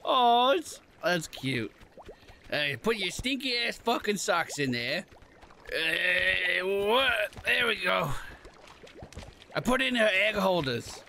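A man giving casual let's-play commentary, excitable, swearing and shouting at game characters. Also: sits high, takes it slowly, vocal fry, slight background noise. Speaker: gamer playing a goose game.

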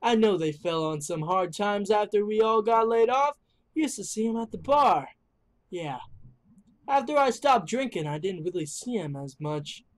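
A gamer voicing a gentle, folksy middle-aged father in a video game, reading slowly in a lower voice. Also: lively intonation, close to an everyday voice. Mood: fond, folksy. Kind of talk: reading game dialogue aloud.

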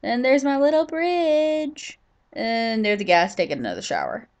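A woman's voice: fairly high pitch, sing-song, normal speed, a little mellow. A woman giving casual, rambling gameplay commentary while tired and yawning, chatting to herself as she plays. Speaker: gaming YouTuber.

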